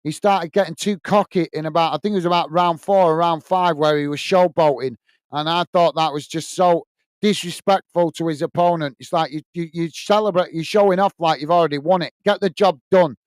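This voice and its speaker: A man with a high, smooth and clear voice hosts a live football watch-along in a dry, close sound. He chats in a blunt, opinionated way and answers viewer comments one by one. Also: fairly quick, dry recording. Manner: chatty, reads viewer comments aloud and answers them. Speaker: host.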